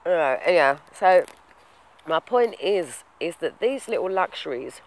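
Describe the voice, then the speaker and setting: A man's voice: on the high side, big pitch swings, a little slow, rough recording. A man talking casually to the camera in a vlog, rambling and waffling with lots of fillers in a reflective, earnest way. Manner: rambling, self-confessed waffler, many fillers. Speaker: vlogger.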